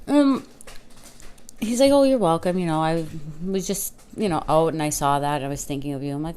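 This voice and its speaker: A woman talking casually into the camera during an eating show, telling a story in a loose, rambling way. She quotes herself and others as she goes and keeps a relaxed, chatty flow. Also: on the low side, moderate pace, pauses often, clean tone. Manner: chatty filler-heavy talk with restarts. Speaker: mukbang vlogger.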